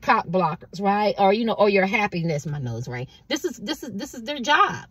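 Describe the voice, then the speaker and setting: A woman's voice: mid-range voice, very animated, moderate pace, a bit bright, breathy edge, no echo. A woman tarot card reader giving a casual collective reading, rambling and conversational and asking "you know what I mean" again and again.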